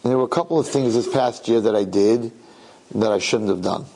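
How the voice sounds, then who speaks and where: A man voicing a ruined, frightened husband in a sermon story, speaking low, subdued and earnest with a husky voice. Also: a little fast, mellow, low-quality recording. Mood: shaken.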